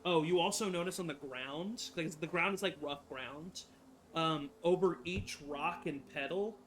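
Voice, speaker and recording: A man narrating as game master of a tabletop game, halting and full of fillers and self-corrections. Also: on the high side, fairly bright tone.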